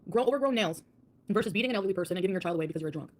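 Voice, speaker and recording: A woman's voice: medium pitch, animated, very fast, slight background noise. A woman livestreamer ranting defiantly, mocking her critics. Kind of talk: livestream rant.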